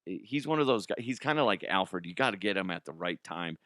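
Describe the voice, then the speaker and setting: A man's voice: low-pitched, lively intonation, brisk, fairly bright tone, no echo. A man hosting a comedic sports talk show, rambling and profane, slipping into mock impressions.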